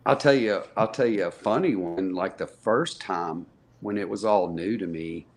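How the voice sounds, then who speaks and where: A man's voice: low voice, normal speed. A man guest on a podcast, telling stories casually, rambling with lots of restarts and fillers. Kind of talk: casual storytelling in conversation.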